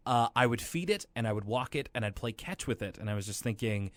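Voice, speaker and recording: A man co-hosting a podcast, recapping a cartoon in casual, animated chat with sarcastic asides. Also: medium pitch, quick pace, no echo. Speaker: podcast co-host.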